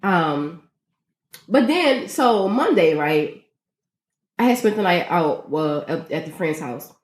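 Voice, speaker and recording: Woman, podcast co-host, casual storytelling, lively pitch, roomy echo. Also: takes it slowly. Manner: animated storytelling, swears freely, acts out quotes. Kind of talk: casual chat.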